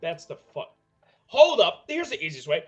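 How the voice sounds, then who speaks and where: A man chatting as a player after a tabletop campaign, loud, profane and jokey. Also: fairly high pitch, wildly swooping pitch, moderate pace, breathy edge, faint music behind. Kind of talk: casual chat after a tabletop game.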